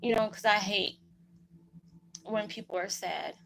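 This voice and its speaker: A woman's voice: mid-range voice, unhurried, vocal fry, a bit bright, slight background noise, poor audio. A woman vlogger talking to her viewers in a rambling, heartfelt way, emotional and holding back tears. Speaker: spiritual vlogger. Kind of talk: heartfelt casual monologue to viewers.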